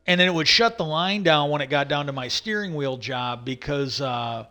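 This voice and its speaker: A man's voice: fairly high pitch, lively intonation, moderate pace, sharp tone, faint music behind. A man telling a long work story in a casual, rambling monologue, swearing often and repeating "I go" as he retells what he said.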